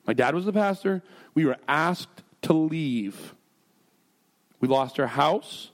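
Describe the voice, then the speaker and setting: Animated, higher-voiced pastor. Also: male voice, slow pace. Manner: animated, jumps between storytelling and earnest prayer; self-deprecating and jokey. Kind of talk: sermon with storytelling and prayer.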